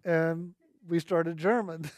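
A man with a fairly high voice tells a personal story in an earnest, reflective way. He quotes the people in it without changing his voice. The sound is dry and close. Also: steady tone, slow pace, no room sound.

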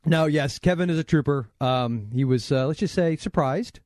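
A man's voice: a little high, normal speed, darkish tone, no room sound, clean studio sound. A man hosting a podcast, joking and rambling as he teases his guests. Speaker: podcast host. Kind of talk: casual podcast banter.

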